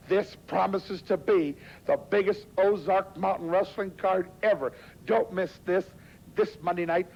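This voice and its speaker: A male wrestling announcer pushes the upcoming card in an eager, salesy tone. His voice is quite high for a man. The sound is dull 1990s TV audio. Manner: hyped, salesy.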